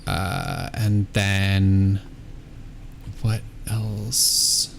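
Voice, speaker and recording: Low-voiced laid-back American gamer guy. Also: flat delivery, drawn-out words, gravelly, a little hiss or hum. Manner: laid-back, hesitant, lots of ums. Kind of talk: casual gaming chat.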